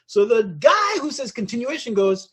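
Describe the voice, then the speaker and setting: A man co-hosting a casual podcast, telling a story and acting out the people in it, sometimes shouting their lines. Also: very high voice, moderate pace, slightly rough. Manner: animated storyteller, acts out voices and shouts. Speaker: podcast co-host.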